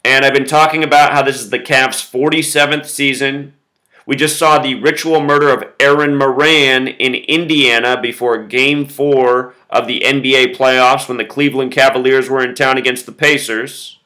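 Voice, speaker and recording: Male solo video host, bright and forceful tone, insistent explainer. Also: mid-range voice, steady tone, moderate pace, rough recording. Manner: insistent, explains with numbers, quotes song lyrics.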